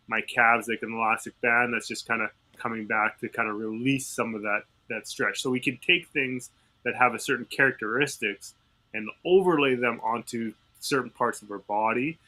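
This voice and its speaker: A man on a podcast explaining an idea haltingly, often restarting and searching for words. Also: medium pitch, steady tone, sharp tone. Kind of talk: casual podcast chat.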